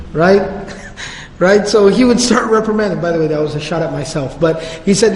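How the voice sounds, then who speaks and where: A man lectures on religious history in an easygoing, slangy storytelling way. His voice sits high, and the large hall around him adds a long, roomy reverb. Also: moderate pace. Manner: conversational, slangy, animated storytelling.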